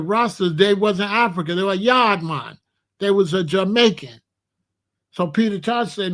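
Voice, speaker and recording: A man's voice: high-pitched, a bit bright. A man from Chicago hosting a blunt, profane commentary rant. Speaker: host.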